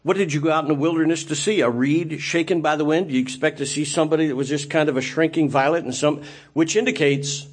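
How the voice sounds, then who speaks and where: A man's voice: a little high, fairly even intonation, fast talker, slightly rough. A man preaching a sermon in a conversational style, full of rhetorical questions.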